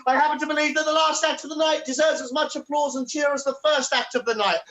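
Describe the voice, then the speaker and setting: A man hosting a live online comedy show, chatting casually and then shouting hyped-up introductions over a video call. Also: very high-pitched, fairly even intonation, quick pace. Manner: loud, hyped-up emcee patter. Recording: noisy online call audio.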